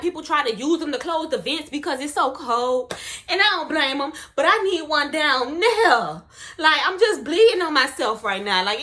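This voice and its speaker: A young woman, telling a personal story in a casual, slangy and expressive way. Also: high-pitched, slight background noise. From Miami, US. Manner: animated, slangy, expressive retelling.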